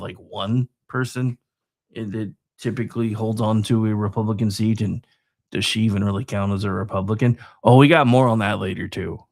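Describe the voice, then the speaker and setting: A man with a medium-pitched voice hosts a political talk show, giving a sarcastic, rambling commentary monologue that shifts between loud and quiet.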